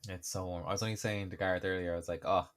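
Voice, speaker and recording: A man's voice: low-pitched, little pitch movement, racing. A young man co-hosting a podcast in casual, sarcastic chat. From Ireland. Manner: chatty, joking, sarcastic. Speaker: podcast co-host.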